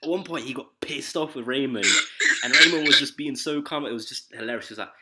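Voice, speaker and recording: A man's voice: medium pitch, fast, heavy background noise. A young man, hosting a casual podcast and telling school and family stories with slang and frequent laughter. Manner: laughing, slangy, animated retelling. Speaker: podcast host. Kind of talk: casual storytelling chat.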